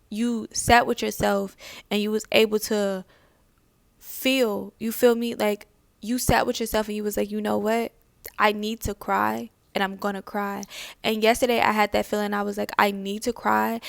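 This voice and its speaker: A young woman, a spiritual vlogger, talks casually and reflectively to camera about self-care, asking lots of questions and repeating phrases. Her voice is mid-range, creaky, and a little bright, and the recording is dry.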